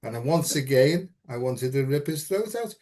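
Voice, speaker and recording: A man's voice: medium pitch, lively intonation, moderate pace, a little mellow. A man hosting a frank conversation, blunt and earthy, swearing freely and telling stories with quoted dialogue. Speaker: host.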